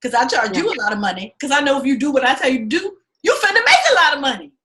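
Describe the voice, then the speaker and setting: A woman's voice: sits high, sing-song, very fast, noisy background. A woman teaching an acting class, telling blunt, profane stories and acting out the people she quotes. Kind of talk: class talk to students.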